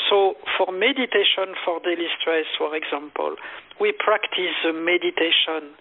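A man's voice: high-pitched, moderate pace. A man guest speaking as a meditation teacher in an interview, earnest and emphatic, repeating his phrases for effect. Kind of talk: interview storytelling. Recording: phone-line call audio.

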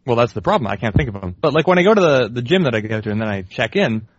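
A man's voice: mid-range voice, big pitch swings, racing, no echo. Dry, rambling young man with muffled sound. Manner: dry, wry, rambling riffs. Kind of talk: casual banter.

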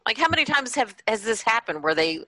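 Bright-voiced woman in casual chat. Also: on the high side, big pitch swings, fast. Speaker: podcast co-host.

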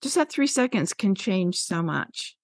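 A woman's voice: medium pitch, very animated, measured pace, no room sound, clean studio sound. Passionate older woman teacher. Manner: passionate, storytelling, emphatic. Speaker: veteran health teacher, guest. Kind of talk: podcast interview.

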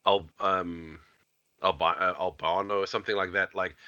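Animated rambling man with a bright voice. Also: low-pitched, normal speed, clean tone, no room sound, lo-fi sound. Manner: rambling, animated, many fillers. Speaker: podcast co-host. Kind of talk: casual chat.

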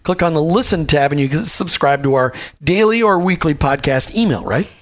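A man's voice: a little high, lively intonation, brisk. A man hosting a faith-and-work podcast interview, upbeat and rambling, often correcting himself mid-sentence. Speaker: podcast host.

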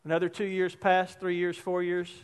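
A man's voice: high voice, completely flat delivery, moderate pace, smooth. A male pastor preaching a sermon in a conversational, emphatic way, weaving in personal stories.

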